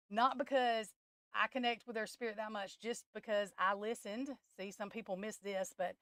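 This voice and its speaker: Woman streamer, smooth voice, dry sound, rambling, blunt and emotional. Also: on the high side, no echo. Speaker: tarot reader hosting a live stream. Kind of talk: casual live-stream chat.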